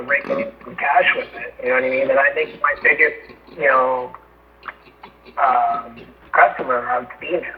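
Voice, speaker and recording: A man in casual phone chat, blunt and profane, talking at length. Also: medium pitch. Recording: tinny phone line with faint noise.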